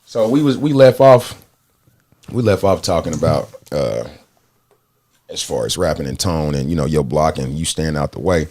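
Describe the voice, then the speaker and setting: Podcast host guy, laughing and loud, voice jumps all over, swears constantly. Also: extremely low pitch, normal speed. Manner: loud, laughing, animated banter with frequent swearing. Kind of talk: casual interview chat.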